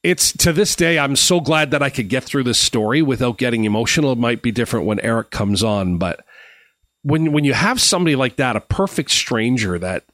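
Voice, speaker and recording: A middle-aged Canadian man hosting a live stream, telling stories in a loose, rambling way with plenty of "uh"s and restarts. His voice sits at an ordinary middle pitch. The sound is close and dry, with no room around it. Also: expressive, a little fast, fairly bright tone, dry recording. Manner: chatty, rambling anecdotes with frequent restarts and fillers. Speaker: host. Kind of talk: casual storytelling on a live stream.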